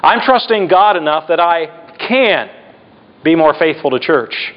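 Middle-aged pastor man preaching, slows and goes quiet to stress points, fairly high voice, muffled recording. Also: lively intonation. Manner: preaching with emphatic slowdowns and dramatic drops in volume. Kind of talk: sermon. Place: church. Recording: dull lo-fi church recording.

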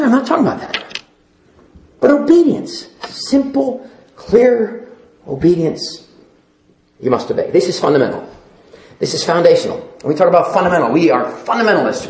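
A male preacher delivering a sermon with a high, lively voice that rises and falls dramatically. He pleads and hammers his points home through repetition, and his voice rings through an echoey church sanctuary. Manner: pleading, emphatic, repeats phrases for stress. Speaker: pastor.

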